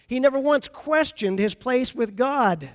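A man preaching a sermon in a high voice, chatty and full of stories as he talks to his congregation. His voice rings through a large church sanctuary with a long reverb. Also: measured pace. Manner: conversational, storytelling preacher. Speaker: pastor.

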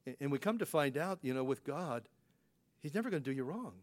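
Brisk and expressive, a pastor with a voice on the high side gives a conversational sermon. He sounds folksy, poses rhetorical questions, and fills gaps with "you know."

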